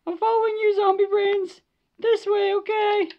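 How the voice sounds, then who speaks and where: A woman's voice: very high voice, flat delivery, moderate pace. A woman gamer giving live gaming commentary, jumpy, swearing and shrieking at scares, on a slightly dull lo-fi mic.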